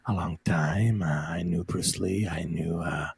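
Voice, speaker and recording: A man doing a boastful tough-guy martial arts movie star impression in a hushed, mumbling voice full of drawn-out pauses. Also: vocal fry, background noise. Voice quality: low hushed murmur, drawn-out uh's.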